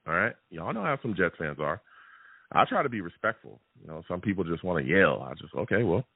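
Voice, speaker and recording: A man hosts a live sports call-in show, talking in an animated, chatty way and tagging his points with "okay?" His voice is a little husky and swings up and down a lot. The sound is thin and tinny like a phone line, and very dry. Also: low-pitched, fairly quick, dry recording. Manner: animated and chatty, repeats "okay?" and "all right?" often. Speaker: sports podcast host.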